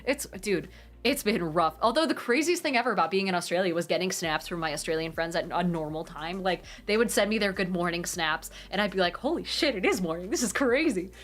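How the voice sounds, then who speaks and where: A young woman from the Pacific Northwest, chatting casually on a live stream and reading viewer comments aloud. She is animated, swears freely, laughs often and rambles with restarts. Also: on the low side, a little fast.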